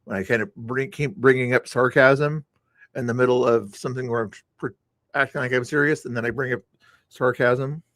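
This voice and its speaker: A man's voice: mid-range voice, fairly even intonation, normal speed, a bit bright, no echo. A man reviewing his own stream, talking casually in a rambling way, repeating words and restarting sentences, with sarcastic asides. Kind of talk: casual commentary over stream playback.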